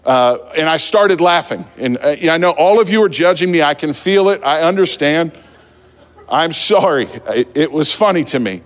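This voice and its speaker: A man from New Jersey preaching a sermon, telling a funny story about himself in a relaxed, conversational way from the pulpit. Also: on the high side, moderate pace. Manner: humorous, self-deprecating, conversational. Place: church sanctuary at the pulpit. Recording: long church hall reverb.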